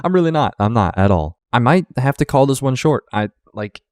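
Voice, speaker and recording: A man's voice: mid-range voice, lively intonation, fairly quick, darkish tone, no room sound, studio quality. A male reaction video host who rants in exasperated, profane, casual talk. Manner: exasperated, ranting.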